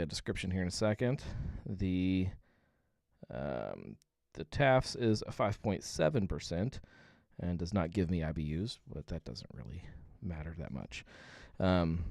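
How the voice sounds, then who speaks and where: Deep-voiced man rambling through a beer chat. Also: vocal fry, darkish tone, no room sound, studio quality. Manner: rambling, filler-heavy, reads chat comments aloud. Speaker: livestream host. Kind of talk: casual live beer-tasting chat.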